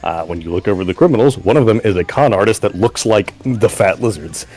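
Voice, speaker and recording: A man running a tabletop game as game master, laid-back, laughing often and slipping into quick character voices. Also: fairly low pitch, animated, darkish tone, faint music behind.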